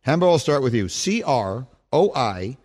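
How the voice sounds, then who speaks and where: A middle-aged man hosting a sports talk radio show, animated and chatty as he banters with his co-hosts. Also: mid-range voice, normal speed.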